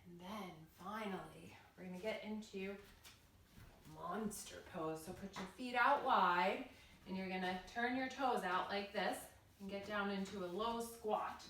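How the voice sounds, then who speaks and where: A woman leading a children's yoga class, giving gentle, playful, sing-song instructions. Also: medium pitch, a little slow. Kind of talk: guided kids' yoga class. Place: library room. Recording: echoey room from far off, faint noise.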